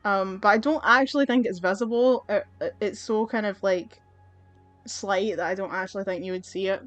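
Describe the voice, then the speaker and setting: A woman's voice: mid-range voice, normal speed, fairly bright tone, no echo, faint music behind. Woman, chatty gameplay commentary, swears a lot, dry room sound. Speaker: gaming channel host. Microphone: desk mic, a bit far from her face.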